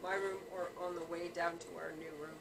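A woman's voice: on the low side, level tone, a little fast, creaky. A woman chiming in during a casual chat, finishing the storyteller's sentences with short remarks. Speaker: family member chiming in. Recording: distant with background chatter.

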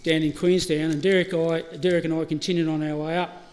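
A middle-aged Australian man delivers a eulogy in a funeral service hall, his voice a little high, fairly flat in pitch, brisk and slightly mellow. He tells funny anecdotes, laughing as he goes and acting out the dialogue. The hall is reverberant, with faint ambient noise.

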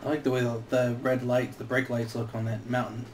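A man plays a video game and keeps up a casual let's-play commentary, swearing freely. His medium-pitched voice is brisk, mostly muttering but breaking into sudden excited outbursts, with slight background noise behind him.

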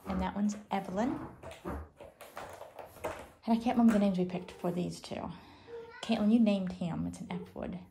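A woman's voice: medium pitch, moderate pace, gravelly, pauses often, dark tone. A woman breeder chatting casually about her kittens indoors, cooing and trailing off as she forgets names. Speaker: cat breeder. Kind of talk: casual vlog chat. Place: indoor room at home cattery. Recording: roomy echo, faint noise.

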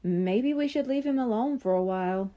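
A woman's voice: fairly high pitch, normal speed, highs cut off, lightly acted. A woman voicing a sensible, thoughtful young girl.

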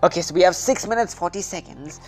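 A woman giving casual gameplay commentary, excitable and anxious, often calling out "dude". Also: fairly low pitch, fast talker, soft background music. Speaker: gaming video host.

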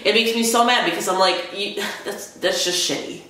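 A young man in a heated, swearing vlog rant, talking fast and full of anger. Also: sits high, bright, forceful tone. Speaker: vlogger. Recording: very echoey room.

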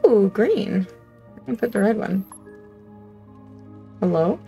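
A woman's voice: mid-range voice, animated, slow, vocal fry, dark tone, faint music behind. A woman hosting a gaming channel, talking to herself as she plays, humming, reading in-game text aloud and laughing at her own scares. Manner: chatty, talks to herself, hums and reads aloud; easily startled, laughs at herself. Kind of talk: let's-play commentary.

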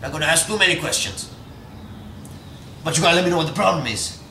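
A teenage boy in a student film plays a cocky, cigar-smoking Cuban schoolmate, swaggering like a boastful mentor and sprinkling in Spanish words with a put-on Spanish-tinged accent. His voice is a little high, fast, pushed and bright. The room is echoey, the mic distant, with faint hiss.

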